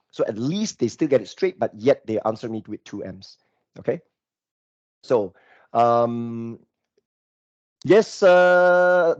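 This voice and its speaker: A male course instructor giving a live screen demo, talking in an animated, exasperated way and repeating himself. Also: mid-range voice, no echo. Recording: dull lo-fi microphone, dry.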